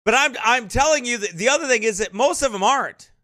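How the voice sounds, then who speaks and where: A man's voice: very high voice, lively intonation, fast talker, pushed and bright, no room sound, studio quality. A man speaking as a pastor in a sermon-style commentary, emphatic and repeating tag questions like "right?" and "eh?".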